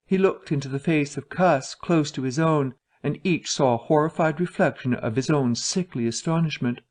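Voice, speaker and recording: A man narrating a story for English learners in a steady, even reading voice. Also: fairly high pitch, moderate pace.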